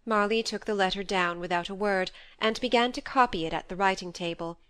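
A woman reading a classic novel aloud as an audiobook narrator, steady and measured. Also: mid-range voice, clean tone, dry recording.

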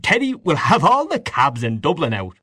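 A man doing a hearty, bluff gentleman. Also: fairly high pitch, huge pitch swings, normal speed, breathy edge, no echo, clean studio sound, voice pushed up, full character voice.

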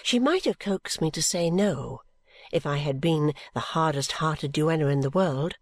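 A woman reading a classic novel aloud as first-person narrator, in a gentle, measured storytelling manner. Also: deep voice, dry recording, studio quality. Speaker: audiobook reader.

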